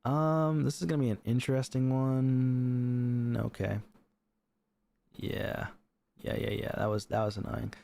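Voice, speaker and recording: A man streaming from a home setup, commentating his matches in a chatty, excitable way and laughing often. His voice sits at an ordinary middle pitch. He talks straight to his viewers. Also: unhurried, creaky, long pauses. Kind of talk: live gameplay commentary.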